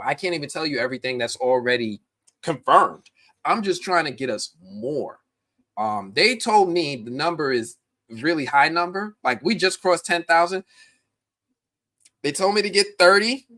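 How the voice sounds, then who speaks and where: A man's voice: a little high, unhurried, pauses often. A man hosting a live stream, chatting casually and animatedly with viewers in the chat. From United States. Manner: animated, talks directly to chat viewers, many restarts.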